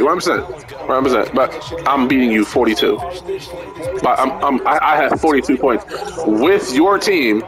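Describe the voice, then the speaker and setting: A man playing a football video game, mocking and taunting his opponent in profane casual trash talk. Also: on the high side. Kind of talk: casual trash talk over a headset chat. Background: video game crowd and commentary.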